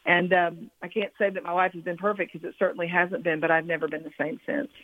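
A woman author giving a reflective, halting personal testimony as a guest on a radio interview. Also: lowish voice, little pitch movement, no room sound. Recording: phone line, dry.

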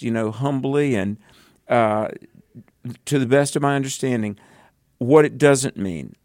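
A man with a Southern US accent, co-hosting a Bible teaching program and explaining scripture in an animated, earnest way with emphatic bursts. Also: medium pitch, dry recording, studio quality. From American South.

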